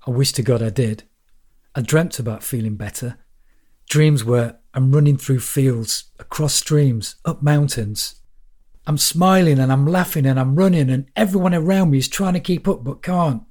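A man reading a first-person story aloud in a measured, wry storytelling manner. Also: medium pitch, darkish tone. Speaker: audiobook narrator.

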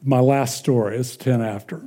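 A man's voice: medium pitch, steady tone, dark tone, breathy edge. A man preaching a sermon, asking the congregation questions and answering them himself, then telling casual personal stories with chuckles. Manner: slow, drawn-out preaching with call-and-response questions; chuckles through casual anecdotes.

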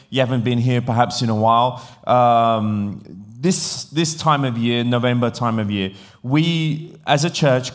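A male pastor from Italy with an English accent, preaching a sermon in a chatty storytelling manner. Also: mid-range voice. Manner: chatty, animated storytelling with frequent fillers. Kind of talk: sermon with podcast intro.

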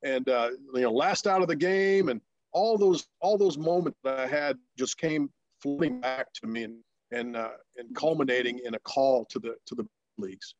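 A man in his fifties tells a long story in an interview, stopping and restarting often. He breaks into bright, excited quoted voices. The recording is dry and a little dull. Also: medium pitch, normal speed, dry recording. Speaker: interview guest, former pro pitcher.

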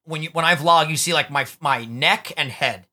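Seated at a studio desk with a podcast mic, a young male co-host talks in a fairly high, sharp voice at normal speed. He keeps the casual show going with crude jokes and swearing.

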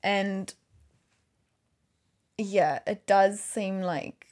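A woman's voice: mid-range voice, drawn-out words, a little mellow. A woman, rambling and correcting herself in casual chat about her video work. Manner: chatty, rambling, self-correcting. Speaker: video maker.

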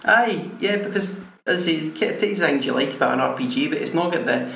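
A man's voice: a little high, lively intonation, fairly quick, vocal fry, a bit bright. A Scottish man in casual chat, rambling and restarting his sentences. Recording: echoey room with faint noise.

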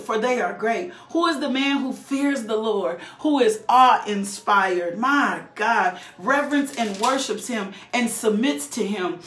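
A woman's voice: sits high, roomy sound. A woman preacher, reading scripture and breaking into fervent exhortation and prayer. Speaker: preacher leading a devotional.

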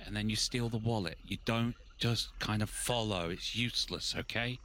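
A man's voice: lowish voice, normal speed, fairly bright tone, slight background noise. A man playing a tabletop role-playing game, talking in a confident, lecturing way. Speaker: player.

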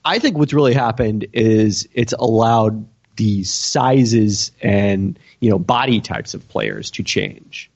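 A man's voice: lowish voice, slow pace, gravelly, hardly any pauses, a little mellow, highs cut off. A man on a podcast panel talking through ideas casually, hesitating and searching for words with many fillers. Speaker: podcast panelist answering listener questions.

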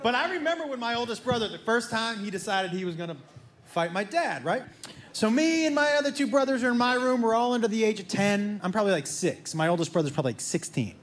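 Animated stand-up man, high lively voice. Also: fast. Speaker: stand-up comedian. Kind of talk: stand-up comedy routine. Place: comedy club stage before a laughing audience. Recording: roomy live club sound with noise.

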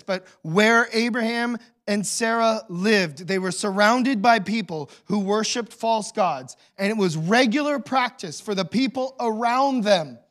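A man preaching a sermon as pastor, telling the story with swings between hushed and loud emotional delivery. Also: high voice.

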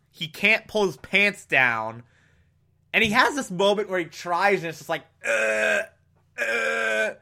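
A man giving a casual, animated recap of a TV episode, with frequent exclamations. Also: high-pitched. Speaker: show recapper.

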